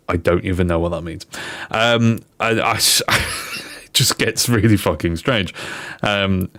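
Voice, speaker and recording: A young man streaming casually, swearing freely and laughing as he reads out silly chatbot jokes in a higher mock voice. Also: takes it slowly, fairly bright tone, dry recording, clean studio sound. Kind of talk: casual livestream chat.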